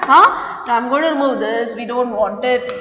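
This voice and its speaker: A woman with a Malayalam accent teaches young children online. Her voice is high, and she patiently repeats each word for them to echo. The sound is muffled and carries a long, echoey room reverb. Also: moderate pace, pushed and bright, slight background noise. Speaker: Hindi teacher. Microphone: online class recording.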